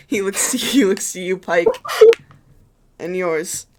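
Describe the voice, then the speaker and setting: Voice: mid-range voice, measured pace, a little hiss or hum. A game master narrating a tabletop game on a stream, hesitant and full of filler words as they describe the scene. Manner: hesitant, many fillers and restarts.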